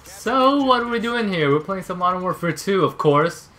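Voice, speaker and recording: A man giving live commentary on his own gameplay, ranting, yelling and sarcastically griping at teammates. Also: sits high, animated, normal speed, a little hiss or hum. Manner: raging, yelling outbursts at teammates.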